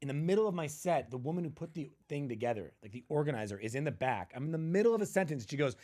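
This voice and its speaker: A male comedian guest, telling stand-up stories in a punchy, animated way and acting out the people in them. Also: racing, few pauses. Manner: punchy storyteller, acts out quotes with big jumps in pitch. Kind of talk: animated storytelling chat.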